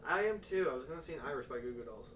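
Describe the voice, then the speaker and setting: A man tells stories in casual podcast chat, swearing freely and animatedly acting out what people said. His voice is a little high and racing, caught on a roomy, distant mic with faint noise.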